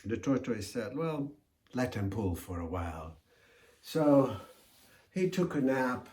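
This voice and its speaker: Low-voiced man telling a folk story slowly, echoey room. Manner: slow, deliberate, expressive.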